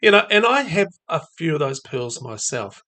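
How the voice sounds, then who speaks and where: A man giving a reflective devotional talk on faith and mental health, musing aloud with fillers and soft laughs. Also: on the high side, big pitch swings, normal speed.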